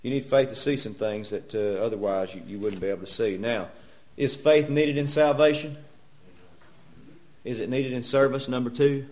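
Man preaching in church, folksy and joking, fond of rhetorical questions, mid-pitched voice. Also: steady tone, moderate pace, a little mellow. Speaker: pastor. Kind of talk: sermon.

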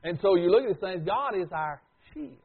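A husky, slightly high-voiced man preaches, swinging between booming declarations and near-whispered asides. The sound is thin and tinny, like a phone line. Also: lively intonation, brisk. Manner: dramatic swings from loud to hushed. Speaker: pastor. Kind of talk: sermon.

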